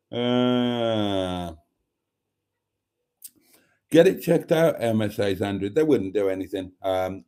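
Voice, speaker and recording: A man's voice: fairly low pitch, a little mellow. A middle-aged man hosting a casual live stream, reading out viewer comments and teasing them in a chatty way.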